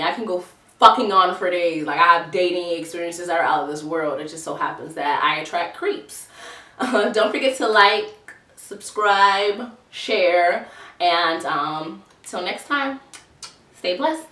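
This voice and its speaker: A woman vlogger tells a dating story in a loose, profane, animated way, laughing often. Her voice is bright and sharp. It sounds roomy and set a little back from the microphone. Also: on the low side, recorded from a distance. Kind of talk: casual storytime. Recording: roomy echo, voice a bit off-mic.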